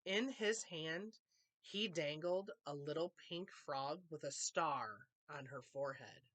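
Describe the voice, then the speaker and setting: A woman reading a children's picture book aloud with expressive, animated storytelling. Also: low voice, takes it slowly. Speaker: storytime reader.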